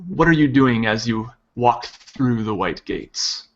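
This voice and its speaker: A man narrating as game master of a tabletop game, halting with many pauses and fillers. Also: mid-range voice, expressive, highs cut off.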